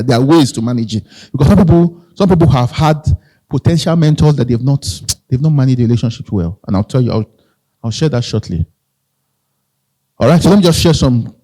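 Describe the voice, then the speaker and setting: A motivational speaker with a Nigerian accent gives a live talk in a mellow, mid-range voice. He keeps it conversational, repeats phrases, and poses questions to the audience.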